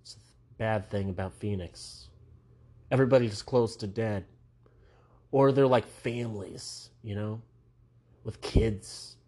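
Young male comic, slow deliberate delivery, low voice, meandering self-deprecating asides. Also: mellow. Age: young adult. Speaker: stand-up comedian. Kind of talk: rambling stand-up monologue.

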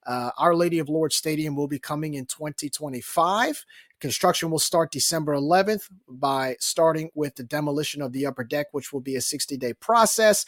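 A man's voice: fairly high pitch, dry recording, clean studio sound. A man co-hosting a casual college sports podcast, upbeat and enthusiastic, often saying the same catchphrase. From south Louisiana. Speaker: podcast co-host.

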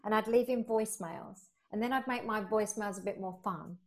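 A woman guest in a conversational interview, telling stories in an animated way and acting out the dialogue. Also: fairly quick. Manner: animated, acts out quoted dialogue with rising pitch. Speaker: podcast guest. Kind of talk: conversational storytelling.

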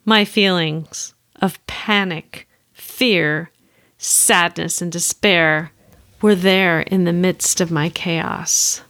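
A woman's voice: fairly low pitch, steady tone, drawn-out words, a bit bright, dry recording, clean studio sound. A woman counselor telling a candid personal story and reflecting on what she could have done differently.

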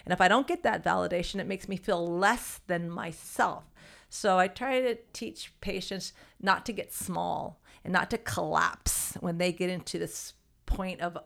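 A woman's voice: on the low side, a little slow, creaky, fairly bright tone. A woman therapist explaining her ideas in conversation, acting out other people's voices in the quotes she tells and often checking in with "right?". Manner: acts out quoted voices, tags sentences with "right?".

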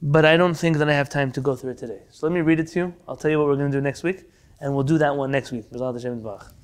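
A man's voice: fairly high pitch, steady tone, very fast, clean tone. A man teaching a Torah class as a lecture, telling stories with energy and sprinkling Hebrew terms into his English. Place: United States.

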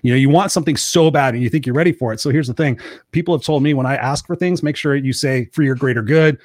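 A man in his thirties co-hosting a casual podcast, energetic and playful, repeating words for emphasis. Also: medium pitch, quick pace, no echo. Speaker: co-host.

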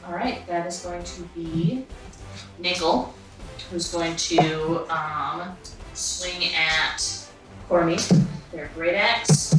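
A woman's voice: lowish voice, very slow, over loud music. A woman running a tabletop game as game master, casual and laughing, describing hits vividly. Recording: roomy echo, far from mic.

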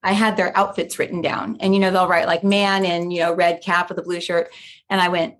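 Lowish-voiced woman rambling through her story, like, you know, lots of quoting. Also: little pitch movement, fairly quick. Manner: chatty, lots of "like" and "you know", acts out quotes. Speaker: guest. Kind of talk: storytelling in a casual interview.

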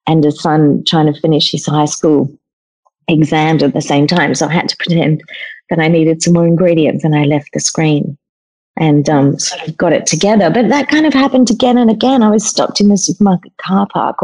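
A woman chatting as a podcast guest over a video call. Her voice is mellow and warm, and she tells stories in an expressive, chatty way. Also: low voice, moderate pace, husky, rough recording. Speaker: guest cook and author.

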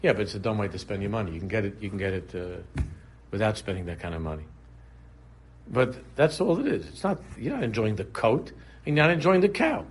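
A Torah teacher with a lowish, slightly rough voice speaks briskly in a sing-song way. He teaches a casual religious class conversationally, circling back on phrases and straying into humorous examples.

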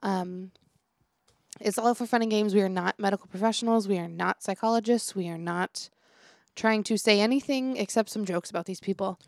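A woman's voice: mid-range voice, brisk, a little mellow, no room sound, clean studio sound. A young woman co-hosting a casual podcast, telling stories and acting out quotes with frequent laughter. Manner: chatty storyteller, acts out quotes, laughs often. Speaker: podcast co-host and teacher.

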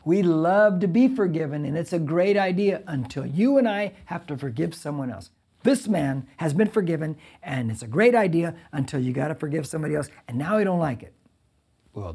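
A male pastor giving a conversational verse-by-verse sermon, reading scripture and breaking in with lively asides. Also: fairly high pitch, slightly rough. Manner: conversational, animated preaching with asides.

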